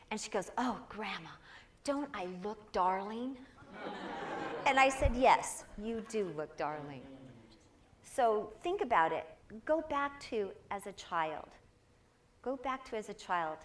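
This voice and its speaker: Speaking to a congregation as a guest, an older woman shares personal stories in a warm, earnest inspirational talk, voicing the people she quotes. Her voice is mid-range, with a little hiss or hum in the recording.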